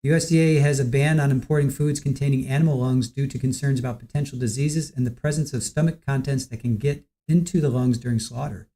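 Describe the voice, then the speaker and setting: A relaxed livestream host chatting casually through viewer comments, the voice dark and mellow with middling pitch. The talk is loose and easygoing, with small chuckles between remarks. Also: fast, hardly any pauses.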